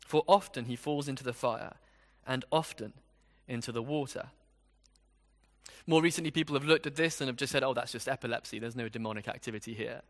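A man's voice: medium pitch, fairly quick, long reverb tail. A man preaching an expository sermon in a conversational way, with rhetorical questions.

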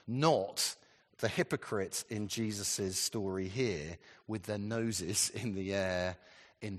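With a lowish, fairly bright voice, a man rambles conversationally through a sermon, dropping in asides and putting questions to the congregation. A long hall reverb colors the recording.

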